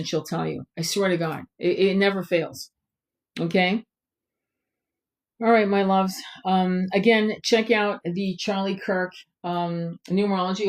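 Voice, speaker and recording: A woman hosting a spiritual live stream, guiding a soft, slow meditation and then chatting loosely with many fillers. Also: on the low side. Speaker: spiritual tarot channel host.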